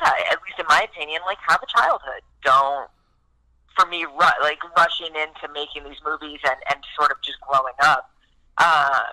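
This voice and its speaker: Bright-voiced, swearing woman guest. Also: sits low, moderate pace, poor audio. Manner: chatty, swears freely, heavy use of "like". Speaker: guest actress. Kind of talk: casual interview chat.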